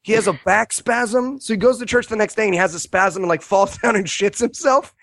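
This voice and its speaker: A man casually retelling a movie's scenes with sarcastic jokes, animated and quick to mock. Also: high-pitched, no room sound. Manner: sarcastic, animated storytelling with quoted asides. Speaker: podcast co-host reviewing a movie. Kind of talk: casual comedic movie review chat.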